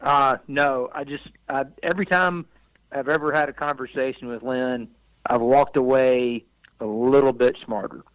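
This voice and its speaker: Relaxed, self-deprecating podcast co-host man. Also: mid-range voice, moderate pace, no room sound, poor audio. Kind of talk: podcast interview.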